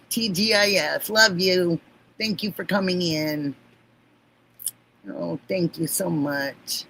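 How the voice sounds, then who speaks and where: Gushing woman livestream host, unhurried. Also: on the low side, lively intonation, fairly bright tone, rough recording. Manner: gushing, affectionate, laughs often. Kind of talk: casual livestream chat.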